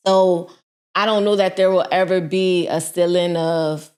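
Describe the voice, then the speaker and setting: A woman co-hosting a casual podcast, talking in a reflective, relaxed way in short phrases. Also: on the low side, measured pace. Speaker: podcast co-host.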